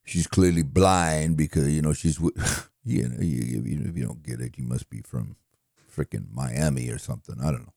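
A man impersonating a gentle, dim-witted middle-aged boxer who mumbles and rambles with halting, self-mocking speech. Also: very deep voice, vocal fry, no room sound, clean studio sound, voice pushed down, exaggerated voice. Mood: rambling. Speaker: impressionist. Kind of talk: comedic impression monologue.

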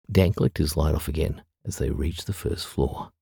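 A man reading a story aloud in measured audiobook narration. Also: very deep voice, gravelly, warm tone, breathy edge, no room sound, studio quality.

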